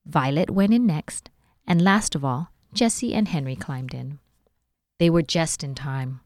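A woman from a library volunteer group reading a children's book aloud, with clear and expressive narration. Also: low voice, measured pace, no echo, studio quality. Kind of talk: storybook read-aloud.

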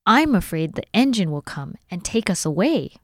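A woman's voice: on the low side, big pitch swings, moderate pace, no echo, clean studio sound. A woman voicing a small, anxious little boy in a storybook reading. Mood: worried.

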